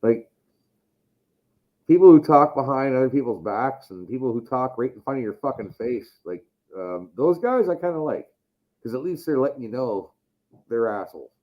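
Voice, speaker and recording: A man's voice: medium pitch, lively intonation, normal speed, muffled recording. A man hosting a casual podcast chat, rambling and swearing heavily. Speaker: podcast host.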